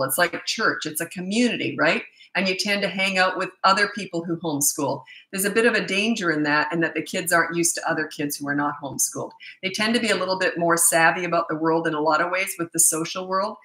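Her voice sits on the low side, pushed and bright, as this woman in her sixties from North America takes viewer questions live. A parenting coach, she talks candidly with lots of rambling tangents in an echoey room.

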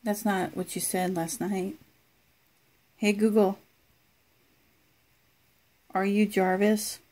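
Casual woman vlogger, slow and chatty, banters with a gadget. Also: medium pitch, level tone, darkish tone. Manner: chatty, laughs often, talks to the device. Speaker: product reviewer. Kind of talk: casual home review vlog.

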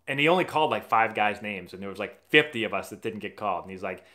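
A man's voice: on the low side, fast, hardly any pauses, sharp tone. Chatty man hosting a live stream. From Massachusetts. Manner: rambling, chatty storyteller who often restarts sentences. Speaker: live-stream host answering viewer questions. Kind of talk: casual live-stream chat.

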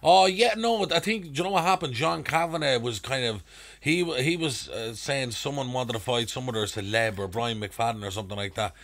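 Irish guy in his twenties, Dublin accent, rowdy anecdote teller, mid-pitched voice. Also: brisk, vocal fry. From Ireland. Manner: animated anecdote-telling with crude slang and put-on voices. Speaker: podcast guest, actor. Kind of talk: casual storytelling.

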